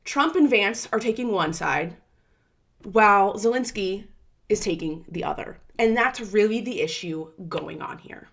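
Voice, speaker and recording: A young woman hosting a casual news explainer, talking quickly and slipping into playful quoted voices. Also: mid-range voice, animated, fairly bright tone. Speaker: host. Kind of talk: explainer commentary.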